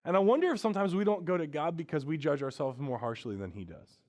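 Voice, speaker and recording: A male pastor delivering a sermon in a conversational, everyday way. His voice sits a bit high for a man. He drops to hushed, quiet lines, then rises into emphatic, louder stretches. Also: expressive, quick pace. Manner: conversational preaching, swings between hushed and emphatic.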